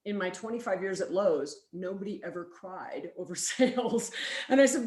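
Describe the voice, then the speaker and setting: A woman giving a conference keynote, telling a story lively and acting out both sides of a dialogue. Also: lowish voice, normal speed. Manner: lively, acts out quoted dialogue. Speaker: keynote speaker. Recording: roomy, echoey hall.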